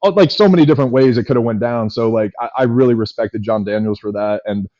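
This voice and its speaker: A man in his thirties, a former pitcher and podcast guest, telling long stories quickly with many fillers. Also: no room sound. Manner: rapid, animated storyteller with many fillers. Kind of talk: casual storytelling chat. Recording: dull lo-fi podcast audio.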